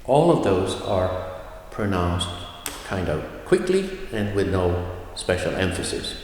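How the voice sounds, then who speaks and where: A man teaching a language video lesson, explaining slowly and carefully and modeling example sentences aloud. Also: deep voice, sing-song, a little mellow, a little hiss or hum. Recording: very echoey room with long reverb.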